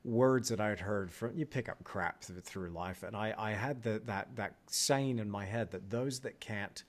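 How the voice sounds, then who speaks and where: Earnest man, lowish voice. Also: normal speed. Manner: earnest, reflective, stammering restarts. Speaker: host, artist. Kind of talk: casual interview conversation.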